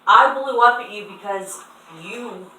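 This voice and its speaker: A woman's voice: on the high side, a little slow. Upset young woman pleading, echoey and distant. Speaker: daughter arguing with her mother. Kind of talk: emotional phone argument. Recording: echoey room, voice from far off, faint noise.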